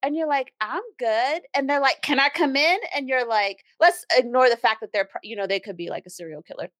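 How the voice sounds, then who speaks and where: Lively woman hosting a podcast. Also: quick pace, no room sound, studio quality. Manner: animated, acts out quoted voices with big pitch jumps. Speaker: podcast host and brand strategist. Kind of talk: casual solo podcast monologue.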